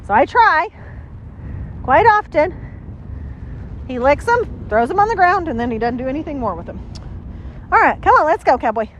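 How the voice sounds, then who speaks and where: High, lively-voiced woman dog trainer. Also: moderate pace, pauses often, muffled recording, a little hiss or hum. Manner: upbeat, repeated praise to a dog. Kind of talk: casual training walkthrough. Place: outdoors, cold and windy.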